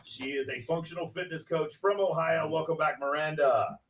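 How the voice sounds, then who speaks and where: A man hosting a casual panel show, joking and introducing a row of guests in quick succession. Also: a little high. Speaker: host. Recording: distant mic with noticeable background noise.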